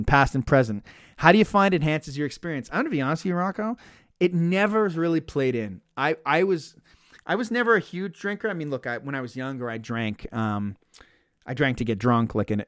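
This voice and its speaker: Animated, profane podcast host, man. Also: on the high side, no room sound, clean studio sound. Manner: animated, profane, laughs mid-sentence. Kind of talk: casual podcast chat and reading listener mail.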